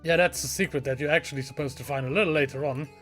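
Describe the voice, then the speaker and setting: A man's voice: a little high, very fast, a bit bright, faint music behind. A man giving casual, chatty let's play commentary with a self-deprecating streak, reading game lines aloud. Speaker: gaming channel host.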